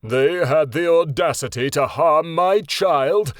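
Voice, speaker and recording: Furious, deep-voiced father dragon, slow and protective, played by a male narrator. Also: dry recording, clean studio sound.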